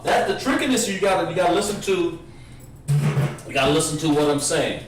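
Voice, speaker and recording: A man teaching a livestreamed language lesson, drawing out words slowly for pronunciation drills and chatting with viewers between examples. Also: a little high, a little hiss or hum. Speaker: instructor. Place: room, livestream. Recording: roomy echo, far from the mic.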